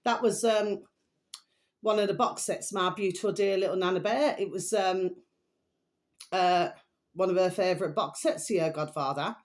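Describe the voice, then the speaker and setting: A woman's voice: medium pitch, moderate pace, long pauses. A middle-aged woman, rambling through a casual opinion monologue as a vlog host, chatty and emphatic, with repeated pet phrases. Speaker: vlogger host.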